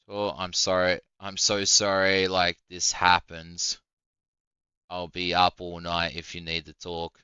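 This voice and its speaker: A man's voice: low voice, little pitch movement, unhurried, pushed and bright, smooth, no room sound, muffled recording. A young man reacting to a video in casual commentary, swearing often and breaking into indignant outbursts. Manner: profane, heated, indignant outbursts.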